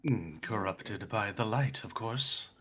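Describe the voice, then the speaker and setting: A man voicing a solemn, menacing male cult leader in a tabletop game, speaking in a hushed, slow, ominous way. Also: lowish voice, lively intonation. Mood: hushed menace.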